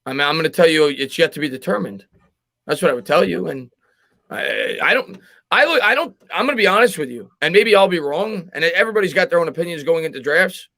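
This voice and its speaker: A man hosting a live sports show, reading out viewer comments and giving quick, emphatic football opinions, often repeating words as he argues a point. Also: fairly high pitch, expressive, creaky, sharp tone, dry recording. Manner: fast, emphatic, repeats words when arguing. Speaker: sports podcast host.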